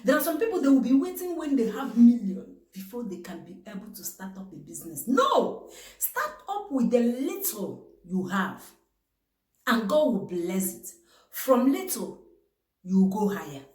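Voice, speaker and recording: A woman's voice: on the high side, sing-song, a little slow, darkish tone. Emphatic Nigerian woman, echoey room. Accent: Nigerian English. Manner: emphatic, rhetorical questions, sudden exclamations. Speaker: vlogger giving marriage advice. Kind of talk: preachy advice talk to camera.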